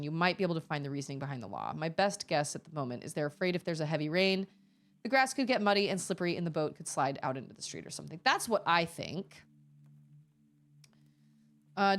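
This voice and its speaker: A woman's voice: on the low side, a little fast. A woman streaming a video game, chatting casually and expressively with her viewers and reading their messages aloud. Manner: animated and expressive, reads chat aloud. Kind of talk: casual gameplay chat.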